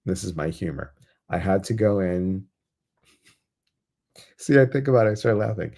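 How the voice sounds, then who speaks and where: A man hosting a live guided meditation, chatty and quick to laugh as he reads out viewer comments, then slowing into soft, soothing guidance. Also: low voice, expressive, gravelly. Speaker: meditation host.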